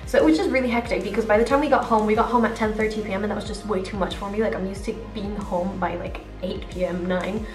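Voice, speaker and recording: A woman's voice: medium pitch, fairly even intonation, fast, hardly any pauses. Chatty young woman in an echoey room. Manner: rambling, filler-heavy "like" and "um". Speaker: vlogger. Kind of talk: chatty get-ready-with-me vlog. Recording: roomy echo, distant mic, faint music.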